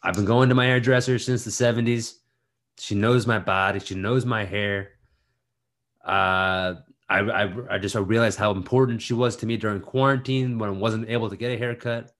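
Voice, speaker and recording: A man with a somewhat low voice, chatting casually as a podcast co-host. He jokes and chimes in with quick remarks before settling into longer stories. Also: fairly even intonation, fairly bright tone. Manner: joking, quick interjections. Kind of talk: casual chat.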